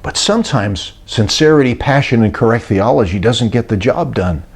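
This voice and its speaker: A man's voice: medium pitch, expressive, normal speed, slightly rough. An older man preaching and retelling a story, acting out the voices of those he quotes. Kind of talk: sermon-style teaching talk.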